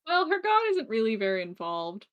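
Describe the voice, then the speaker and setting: A woman's voice: fairly high pitch, sing-song, brisk, lo-fi sound. A woman chatting casually with fellow tabletop game players, often breaking into laughter. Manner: giggly, laughs between remarks. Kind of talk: casual chat among players.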